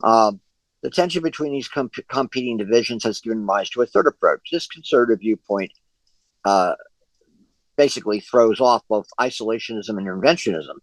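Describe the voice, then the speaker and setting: Low-voiced man leading a video-call discussion. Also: a little fast, dry recording, poor audio. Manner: hesitant, many fillers and restarts. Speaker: discussion group leader. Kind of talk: online discussion session.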